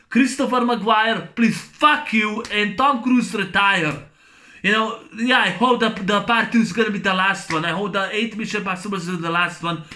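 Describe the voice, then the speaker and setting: A man's voice: sits high, bright, forceful tone. A man giving a casual spoken film review, rambling and repetitive, ranting with blunt swearing.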